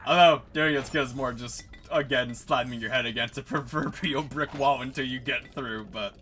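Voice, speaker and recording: A man streaming live gameplay commentary, animated, swearing and laughing at his own mishaps. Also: mid-range voice, normal speed, slight background noise. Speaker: streamer playing a game.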